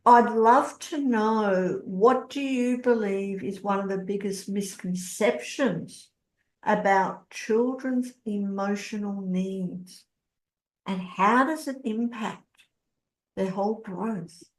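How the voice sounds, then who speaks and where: A woman's voice: medium pitch, slow. A woman host asking affirming, eager questions in an interview. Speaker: podcast host. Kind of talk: interview hosting. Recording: roomy echo.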